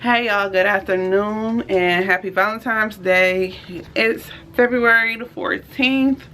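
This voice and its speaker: A woman's voice: medium pitch, slow. Chatty woman vlogger talking to y'all. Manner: chatty, addresses viewers as y'all; switches to soft whispers late at night. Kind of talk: casual vlog chat. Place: at home and in stores and car.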